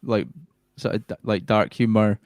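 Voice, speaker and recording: A man's voice: fairly low pitch, fairly even intonation, moderate pace, darkish tone, no room sound. A man hosting a casual chat, talking loosely and laughing often while asking for recommendations. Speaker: podcast host.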